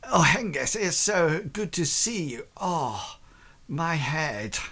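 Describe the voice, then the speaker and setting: A man's voice: on the high side, very animated, takes it slowly, pushed and bright, a little hiss or hum, exaggerated voice. A man doing a bleary hungover young nobleman. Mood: groggy.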